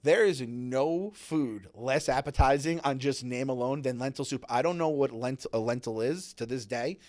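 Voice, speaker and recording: A man in his thirties co-hosting a casual podcast, rambling, excitable and self-mocking. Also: mid-range voice, moderate pace. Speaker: podcast co-host. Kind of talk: casual chat.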